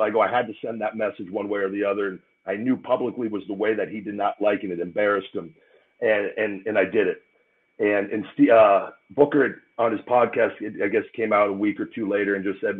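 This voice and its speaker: Male interview guest, low voice, blunt and profane, repeats himself, phone-quality audio. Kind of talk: heated live interview. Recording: tinny phone-line call audio.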